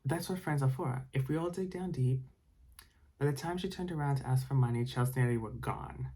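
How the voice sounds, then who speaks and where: A man's voice: mid-range voice, brisk, warm tone, husky, poor audio. A man reading a storybook aloud for ASMR bedtime listening, with chatty, rambling asides. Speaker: storybook reader.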